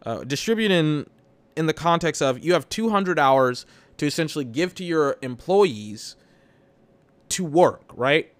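A man's voice: a little high, animated, measured pace, dry recording. Exasperated young man, swearing nonstop. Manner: profane, exasperated, rambling. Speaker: podcast host. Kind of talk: solo venting rant.

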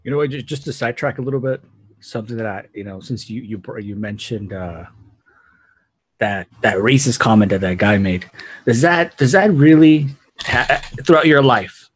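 A man's voice: mid-range voice, normal speed, husky, dry recording. A man co-hosting a podcast in casual chat, laid-back and laughing along.

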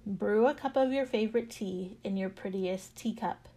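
A woman podcast host telling a devotional story in a calm, reflective manner. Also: mid-range voice, normal speed.

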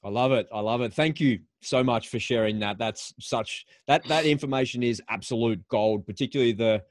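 A man hosts a casual studio interview. He tells stories with eager energy, stumbling over and repeating words as he thinks. His voice sits at an ordinary middle pitch with a close, dry sound and no room around it. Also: a little fast, no echo. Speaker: podcast host.

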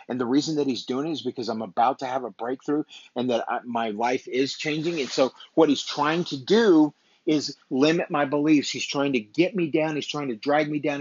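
A man's voice: medium pitch, fairly even intonation, fairly quick, slightly rough, no echo. A man hosting a motivational podcast, talking in a blunt, emphatic, profane and repetitive way. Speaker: podcast host. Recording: dull, dry lo-fi recording.

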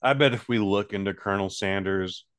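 A man co-hosting a comedy podcast, joking and rambling in relaxed banter. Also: lowish voice, fairly quick, smooth, no room sound, clean studio sound. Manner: laid-back, joking, rambling. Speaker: podcast co-host.

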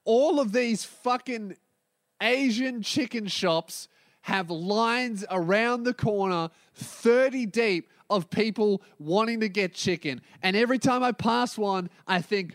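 A man with an Australian accent, hosting a podcast and ranting profanely about everyday annoyances, mimicking other people in quick asides. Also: high-pitched, no echo, studio quality. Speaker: podcast host. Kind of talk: profane comedic rant.

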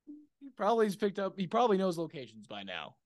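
A man's voice: sits high, huge pitch swings, fast, darkish tone, no room sound, studio quality. Swearing young guy bantering. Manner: swears a lot, teasing, laughs. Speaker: co-host, son. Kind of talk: casual chat.

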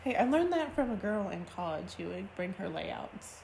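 A woman co-hosting a podcast in casual chat, quick with dry quips and giggles. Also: medium pitch, sing-song, vocal fry, a little mellow, a little hiss or hum. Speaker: podcast co-host.

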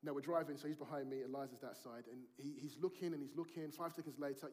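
A man's voice: medium pitch, steady tone, fast, hardly any pauses, a little mellow. A man, preaching a sermon in a conversational storytelling way and acting out family dialogue.

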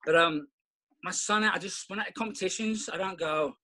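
A man's voice: high voice, a little fast, bright, forceful tone, poor audio. A middle-aged man talking as a podcast guest in a rambling, reflective way, with many restarts. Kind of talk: casual conversation.

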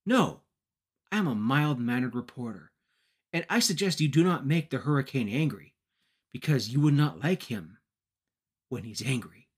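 A man's voice: mid-range voice, expressive, normal speed, long pauses, breathy edge. A man doing a stiff, formal mild-mannered reporter. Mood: earnest.

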